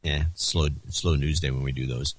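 A man's voice: very deep voice, steady tone, normal speed, dry recording. A man co-hosting a podcast, reading a list of donors and teasing his partner in a dry manner. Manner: dry, teasing, reads out lists of names. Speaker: podcast co-host. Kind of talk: casual chat.

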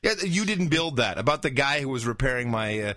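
A man's voice: medium pitch, lively intonation, fairly quick, pushed and bright, dry recording. A middle-aged man co-hosting a podcast, chatting casually, joking and teasing. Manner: joking, teasing, laughs often. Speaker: podcast co-host. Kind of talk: casual chat.

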